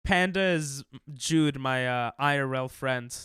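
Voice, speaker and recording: A man with a mid-range, fairly bright, clear, and resonant voice takes it slowly as he streams a game while sick and coughing, casually joking and reading and answering chat. The recording is dry and studio quality.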